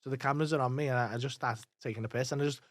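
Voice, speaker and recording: A man's voice: mid-range voice, no echo. A man, a comedian telling swearing-filled anecdotes in casual podcast chat, acting out what people said. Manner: swears freely, fast animated anecdotes with acted-out quotes. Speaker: comedian guest.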